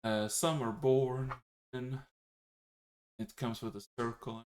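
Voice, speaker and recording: A man's voice: mid-range voice, fairly even intonation, slow pace, a little mellow, natural voice. A man playing a brusque, sardonic female magic teacher in a tabletop game. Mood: dry. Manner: curt, sardonic, rough-tongued. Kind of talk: tabletop role-play.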